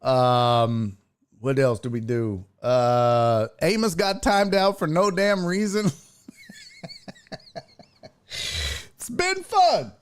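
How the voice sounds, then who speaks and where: A young adult man hosting a live stream, telling stories in an animated, profane way and acting out the people in them. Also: medium pitch, slow, clear, resonant tone. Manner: animated storytelling with profanity and acted-out voices. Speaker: streaming show host. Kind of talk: casual live-stream chat.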